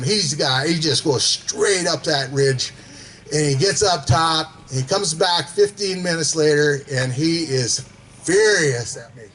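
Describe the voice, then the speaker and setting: A man's voice: a little high, fairly bright tone, a little hiss or hum, poor audio. A man telling casual stories to a gathering, rambling with fillers and chuckling as he goes. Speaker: storyteller at a gathering. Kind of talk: casual storytelling.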